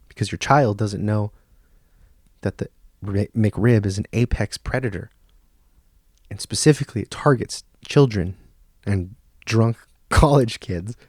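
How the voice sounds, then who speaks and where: A man's voice: lowish voice, a little mellow, no room sound, clean studio sound. Profane man ranting on a podcast. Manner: profane, ranting, mock nature-documentary whispers. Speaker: podcast host. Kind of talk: comedic monologue.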